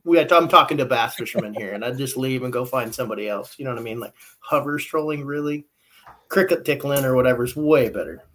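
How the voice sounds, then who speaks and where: A man co-hosting a casual fishing podcast, ranting with animated energy and laughing often. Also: medium pitch, quick pace, slight background noise. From US Northwest. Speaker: podcast co-host. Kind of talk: casual chat.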